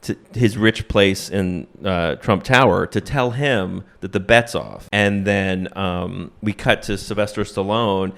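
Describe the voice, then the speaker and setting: A man's voice: fairly low pitch, measured pace, creaky, few pauses. Man retelling a movie with laughter. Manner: animated storytelling, acting out characters' lines, laughing often. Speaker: comedian host retelling a movie plot. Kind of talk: casual comedic podcast chat.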